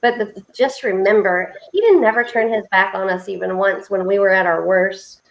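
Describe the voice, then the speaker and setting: A woman's voice: mid-range voice, normal speed, gravelly, muffled recording, slight background noise. A woman co-hosting a faith-based livestream chat, telling heartfelt stories in an earnest, preaching way over a video call. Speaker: co-host of a faith support livestream.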